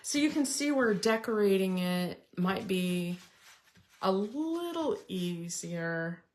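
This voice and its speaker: A middle-aged woman talks through a paper-craft project at an unhurried pace, chatty and practical as she works. Her pitch sits in an ordinary middle range, and she pauses to explain each step as her hands keep busy. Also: animated, a little mellow. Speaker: card-making tutorial host. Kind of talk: casual crafting tutorial.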